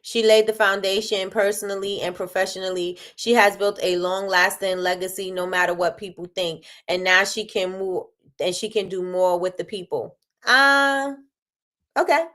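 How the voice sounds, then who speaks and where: A woman's voice: medium pitch, normal speed. A woman hosting a casual livestream, talking business with lots of repetition and reading out chat comments. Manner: animated, repeats phrases, reads chat aloud. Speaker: livestream host.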